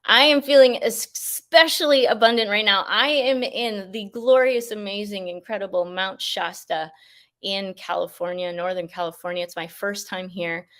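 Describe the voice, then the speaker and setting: A woman hosts a live show outdoors near a mountain, effusive and enthusiastic, laughing often as she talks. Her mid-range voice moves at a moderate pace with a fairly bright tone.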